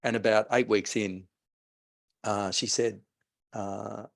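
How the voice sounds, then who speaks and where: Man, lowish voice, coaching, storytelling. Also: steady tone, slow, creaky. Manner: storytelling, re-enacts conversations. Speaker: mindset coach and breathing teacher. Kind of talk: guiding a breathing exercise in an interview.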